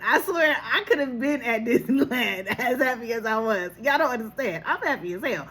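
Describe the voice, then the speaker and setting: A woman recording herself on her phone, telling a personal story in a casual, animated way, laughing often and acting out what people said. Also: sits high, moderate pace, few pauses, husky. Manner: animated, laughing, acts out quotes, casual swearing. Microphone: phone camera.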